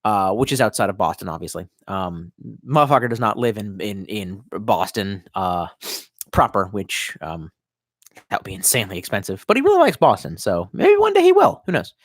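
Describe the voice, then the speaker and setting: A man's voice: fairly low pitch, big pitch swings, normal speed, fairly bright tone, no echo, studio quality. A young man chatting casually on a live stream, reading comments aloud and rambling with lots of swearing while a bit tipsy from wine. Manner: rambling, profane, reads chat aloud.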